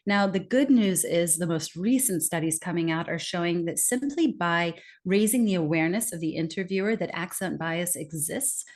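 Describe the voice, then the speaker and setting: An American woman, a guest expert, answering interview questions conversationally and acting out quoted reactions with lively bursts. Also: on the low side, normal speed, hardly any pauses. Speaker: guest expert on accents and communication.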